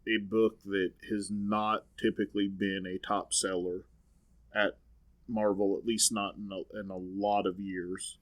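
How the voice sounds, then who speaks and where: A man's voice: deep voice, flat delivery, a little slow. A man co-hosting a casual comics podcast, emphatic and joking. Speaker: podcast co-host.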